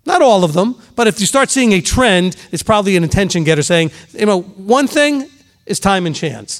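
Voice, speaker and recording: Man, middle-aged, pastor, sermon, high-pitched, emphatic, repeats for stress. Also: expressive, moderate pace. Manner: emphatic, repeats for stress, acts out gossiping voices.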